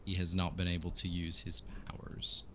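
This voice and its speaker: A man narrating as game master for a tabletop game in a halting, hesitant manner. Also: low voice, monotone, pushed and bright, a little hiss or hum.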